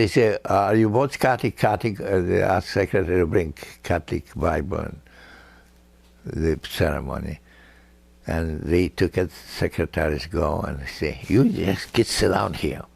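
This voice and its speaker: An older man telling family stories in a halting, chuckling way, with many fillers and broken, non-native grammar. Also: sits low, vocal fry, husky. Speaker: grandfather recounting family history. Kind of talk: casual personal storytelling.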